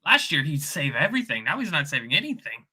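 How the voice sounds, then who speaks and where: A man talking football in a casual chat, his voice very bright and tense with a slightly raised pitch. He hesitates, thinks aloud and lets his sentences trail off. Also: big pitch swings, quick pace, breathy edge. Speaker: co-host guest.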